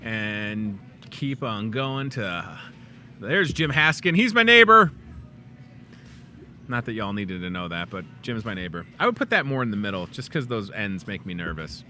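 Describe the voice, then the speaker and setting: Midwestern man, middle-aged, upbeat talk-show host, bright animated voice, faint store noise behind. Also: on the low side, measured pace. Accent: Midwestern American. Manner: upbeat, chatty, jokey. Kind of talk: casual in-store chat. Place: grocery store aisle. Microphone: clip-on lapel mic.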